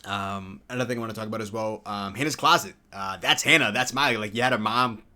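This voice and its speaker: A man in his early twenties giving a casual, excitable video review, full of slang and sudden high-pitched exclamations. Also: quick pace. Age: early 20s. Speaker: TV show reviewer.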